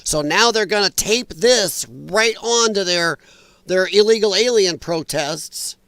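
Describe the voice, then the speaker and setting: A man's voice: high-pitched, measured pace, a bit bright, dry recording. A middle-aged man hosting a casual political livestream, rambling and joking while reading chat aloud. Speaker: livestream host.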